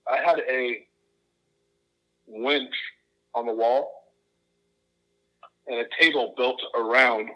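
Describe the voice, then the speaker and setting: A man's voice: medium pitch, slow, long pauses, pushed and bright, lo-fi sound. Laid-back man guest saying dude. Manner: laid-back storytelling, calls people dude. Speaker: podcast guest. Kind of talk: casual chat.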